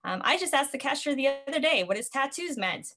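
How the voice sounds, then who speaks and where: A woman's voice: high voice, expressive, fast, a bit bright. A woman ministry facilitator giving an earnest teaching talk, telling personal stories and quoting her own prayers.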